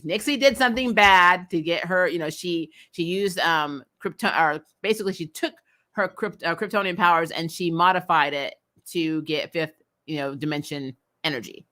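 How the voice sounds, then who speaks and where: A fairly low-voiced woman hosts a casual recap of a TV episode, chatting loosely with plenty of fillers and quick laughs. Her bright, slightly tense voice carries open exasperation and strong opinions throughout.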